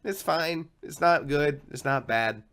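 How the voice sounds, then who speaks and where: Laid-back chuckling man, bright voice. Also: on the high side, a little slow. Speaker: podcast host. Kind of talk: casual chat about retro games.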